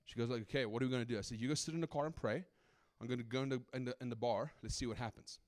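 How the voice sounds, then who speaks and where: A middle-aged South African man preaches as a guest speaker, telling personal stories in an animated, conversational style and often asking "right?". He has a mid-range voice and talks fast.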